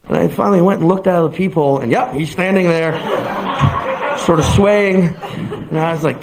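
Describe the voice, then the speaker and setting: High-voiced young man doing stand-up. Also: normal speed, gravelly, long pauses, heavy background noise. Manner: animated storytelling, acted-out exclamations. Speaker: stand-up comedian. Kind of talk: stand-up comedy routine. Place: comedy club stage. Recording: live audience laughter. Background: crowd laughing.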